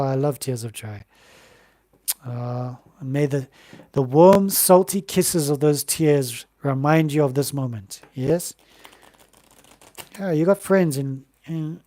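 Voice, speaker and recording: A man gives live tarot readings in a gentle, uplifting, spiritual tone, often pausing and restarting his sentences. His voice sits a bit high for a man. The sound is dry and close, with no room echo. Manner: gentle, encouraging, spiritual, with many fillers and restarts. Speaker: tarot reader hosting a live stream.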